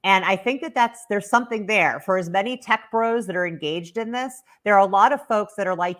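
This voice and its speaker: A woman's voice: mid-range voice, a little fast, few pauses, fairly bright tone. A woman speaking as a guest on a livestreamed panel, enthusiastic and promotional, with plenty of ums along the way. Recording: online video call.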